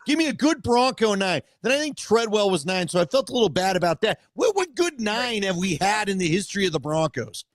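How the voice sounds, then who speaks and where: A man's voice: sits high, lively intonation, brisk, few pauses, no echo. A man co-hosting a casual sports talk show, blunt and opinionated in his rants. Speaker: sports podcast co-host.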